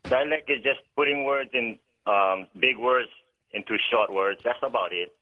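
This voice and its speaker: A man's voice: medium pitch, moderate pace. A man from Hawaii, calling in and chatting in an easygoing way. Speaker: caller. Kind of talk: phone-in chat. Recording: tinny phone line.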